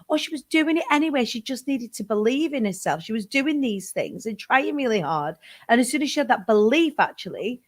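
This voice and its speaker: A woman's voice: on the high side, expressive, brisk. A woman hosting a casual chat, enthusiastic and encouraging. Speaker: host.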